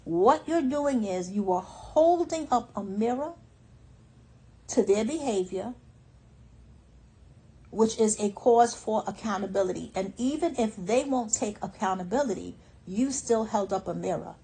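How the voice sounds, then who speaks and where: A woman's voice: medium pitch, expressive, measured pace, dark tone, poor audio. A woman life coach giving motivational advice in a firm, emphatic way, often repeating her instructions.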